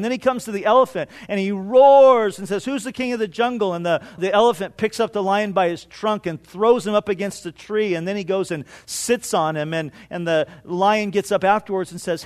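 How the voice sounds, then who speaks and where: A man preaching a sermon as a pastor, telling stories with jokes and slowing down to stress key points. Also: sits high. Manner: storytelling with jokes, slowing for emphasis.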